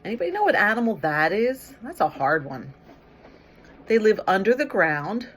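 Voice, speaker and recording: A woman's voice: medium pitch, normal speed, slight background noise. Woman reading a picture book to children. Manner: lively, coaxing, asks children questions and praises answers. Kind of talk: read-aloud storytime with questions.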